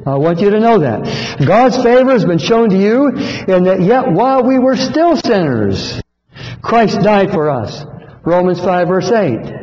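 High-voiced preacher in an echoey hall. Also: male voice, a little mellow. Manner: earnest, pleading, repeats phrases for emphasis. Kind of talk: sermon. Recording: dull echoey hall recording.

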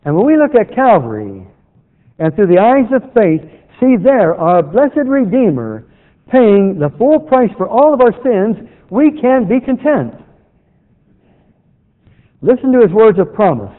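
A man preaching a sermon, quoting scripture in a slow, measured cadence. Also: high-pitched, sing-song. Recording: tinny phone-like sound with long reverb.

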